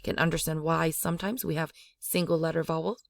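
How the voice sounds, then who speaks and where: A woman's voice: deep voice, fairly even intonation, a little fast, gravelly, dry recording. A woman teaching a language lesson, repeating each sound aloud to demonstrate it. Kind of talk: slow spoken language lesson.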